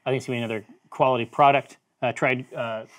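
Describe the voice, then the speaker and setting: A playful man hosting a casual live stream, rambling through plans with frequent restarts. His voice sits at an ordinary middle pitch. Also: fairly even intonation, quick pace, fairly bright tone. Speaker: host.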